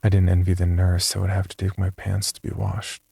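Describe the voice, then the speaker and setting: A man narrating a first-person horror story in a slow, measured, scripted delivery. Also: monotone, mellow, slight background noise. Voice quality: deep gravelly voice.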